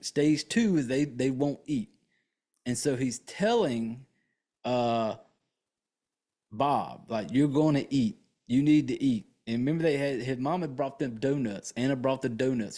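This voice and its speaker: A man's voice: mid-range voice, darkish tone. A man hosting a podcast, casually recapping a movie in a loose, profane, rambling way full of fillers. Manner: laid-back, chatty, full of fillers. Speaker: podcast host.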